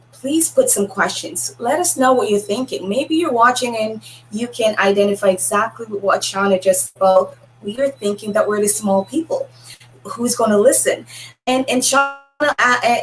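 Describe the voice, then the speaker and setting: Lady hosting a video call panel, kinda high voice, chatty and rambly, faint hum behind. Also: low-quality recording. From Jamaica. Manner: chatty, storytelling with restarts. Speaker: host. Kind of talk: casual panel chat.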